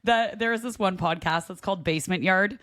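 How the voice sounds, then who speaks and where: A woman's voice: mid-range voice, brisk, fairly bright tone. A woman co-hosting a casual podcast, giggly and teasing, swearing freely in banter with her co-host. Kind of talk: casual chat.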